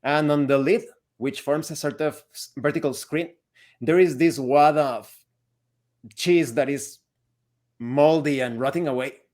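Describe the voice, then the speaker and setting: A man narrating a tabletop role-playing game as game master, describing scenes in a steady, descriptive way. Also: fairly high pitch, measured pace.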